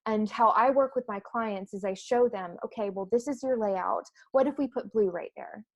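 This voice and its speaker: A woman's voice: mid-range voice, normal speed, dry recording. A woman coach talking reflectively in a casual podcast chat, laughing often.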